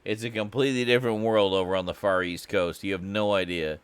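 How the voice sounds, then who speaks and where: A man's voice: on the low side, steady tone, quick pace, smooth. A man from Canada chatting casually and joking as he reacts to a clip, rambling and laughing often. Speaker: reaction video host.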